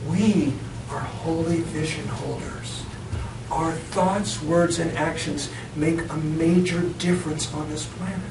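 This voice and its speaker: A middle-aged male preacher with a slightly higher voice tells a story to his congregation, chuckling along the way. He is recorded from across a reverberant church, and steady background noise sits under his voice. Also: slow pace, creaky. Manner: storytelling, laughs often. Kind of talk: sermon with a personal story. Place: church sanctuary. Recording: echoey church from far off, noisy.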